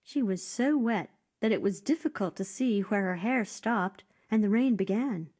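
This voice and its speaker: A woman reading a fairy tale aloud, often dropping to a soft whisper. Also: medium pitch, moderate pace, breathy edge. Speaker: storyteller.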